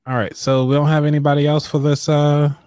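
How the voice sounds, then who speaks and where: Fillers and throat clearing fill the relaxed, loose chat of a man hosting a live online money show, who also reads from a book. He speaks a little fast in a fairly high voice, with no room sound.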